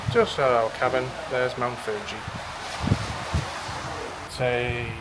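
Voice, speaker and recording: A tired British man gives a chatty, matter-of-fact tour of his cruise ship cabin for a vlog. His medium-pitched voice is steady and slow, and the recording is very noisy, with background music laid over his speech.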